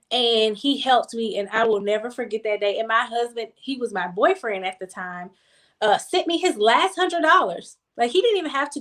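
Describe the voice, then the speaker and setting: A woman's voice: on the high side, a bit bright. A young adult woman in a casual group chat, telling a personal story emphatically and repeating words for stress. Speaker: guest.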